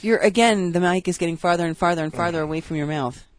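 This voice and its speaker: A woman's voice: lowish voice, no room sound. A woman co-hosting a recovery radio show, wry and businesslike as she reads out contacts. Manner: brisk, wry. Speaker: radio co-host. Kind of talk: casual radio chat.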